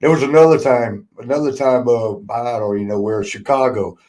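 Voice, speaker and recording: A man's voice: mid-range voice, steady tone, fairly quick, mellow, rough recording. A man hosting a podcast, telling old road stories in a loose, casual chat, laughing often, swearing freely and acting out the people he quotes. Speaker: podcast host, former wrestler.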